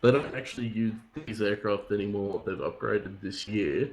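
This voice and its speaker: Low, gravelly, halting man. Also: low-quality recording. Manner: halting and hesitant, restarts, fills with uh. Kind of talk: casual gaming podcast chat.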